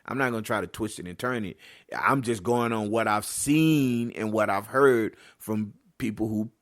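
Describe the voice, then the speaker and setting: Blunt podcast host ranting. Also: male voice, lowish voice, dry recording, clean studio sound. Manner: blunt, swears freely, acts out quick quoted voices. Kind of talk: casual solo podcast talk.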